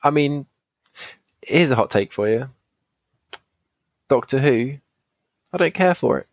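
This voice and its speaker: A British man with a medium-pitched, lively, slightly slow voice hosts a podcast, with no room sound in the recording. He reads a gamebook aloud and jokes playfully with his guests, mixing casual chat with read-aloud narration.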